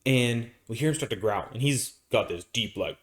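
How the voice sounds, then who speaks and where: A man's voice: medium pitch, moderate pace, fairly bright tone. A man co-hosting a podcast, from Arizona, telling a long story in a casual, rambling way with many restarts and fillers. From Arizona, United States. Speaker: podcast co-host.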